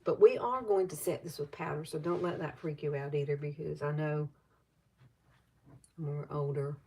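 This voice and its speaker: A woman's voice: deep voice, steady tone, moderate pace, dark tone. Chatty Southern woman over fifty. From Alabama. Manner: chatty and rambling, greets viewers. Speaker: makeup tutorial host. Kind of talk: casual live makeup tutorial.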